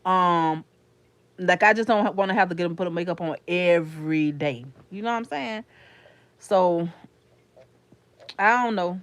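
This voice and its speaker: A woman's voice: lowish voice, moderate pace, pauses often, no echo. A woman from Florida with a Florida accent, chatting casually with viewers in a livestream, rambling and calling them honey and sugar. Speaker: YouTuber talking to her live chat.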